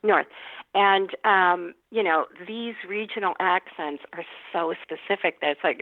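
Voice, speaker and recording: A middle-aged actress chatting as a podcast guest, telling stories and laughing often. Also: female voice, on the low side, measured pace, no room sound. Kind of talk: casual podcast chat. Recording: tinny phone-line sound, dry.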